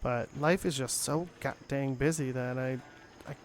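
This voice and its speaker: A man's voice: mid-range voice, moderate pace, slight background noise. A young man chatting casually while playing a game, rambling with many fillers. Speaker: gaming channel host. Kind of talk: casual gameplay commentary.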